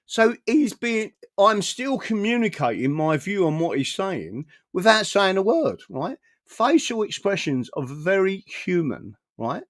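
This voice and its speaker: A man's voice: sits high, very animated, a little slow, few pauses, no room sound. A man talks in a casual, rambling live-stream monologue from his own small studio. He swears freely, keeps tagging "right?" onto his sentences and chuckles between phrases. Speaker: political activist streaming.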